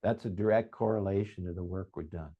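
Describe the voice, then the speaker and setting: A man's voice: low-pitched, brisk, slightly rough. A man hosting an interview podcast, speaking in an affirming, conversational way. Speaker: podcast host, vocal coach. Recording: dull, slightly muffled audio.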